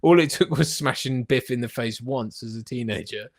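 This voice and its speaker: A man co-hosting a casual film review chat, enthusiastic and quick to laugh. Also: mid-range voice, dry recording, studio quality. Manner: enthusiastic, laughs often, acts out movie lines. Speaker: podcast co-host.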